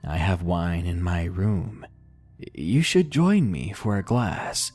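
A man voicing a creepy, leering middle-aged male stranger who talks low and slow. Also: lively intonation, a little mellow, faint music behind, full character voice.

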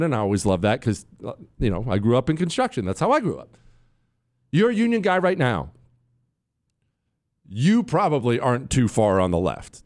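Talk radio host, male, slightly high voice, emphatic conversational monologue with big swings in pitch for emphasis. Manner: conversational, emphatic, talks to listeners and producers.

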